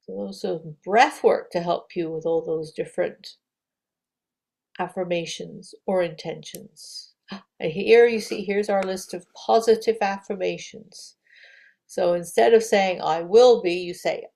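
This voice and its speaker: A middle-aged woman leads a gentle yoga lesson, unhurried and soft-spoken. Her voice has a gravelly, fry-edged texture, and she often trails into a hushed near-whisper as she guides. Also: medium pitch, poor audio. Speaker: yoga teacher.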